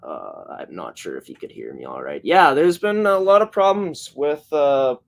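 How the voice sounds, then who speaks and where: A man's voice: medium pitch, sing-song, moderate pace, creaky. A man hosting a casual live-streamed sports show, talking in long, rambling runs with many filler words and frequent self-corrections. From Canada.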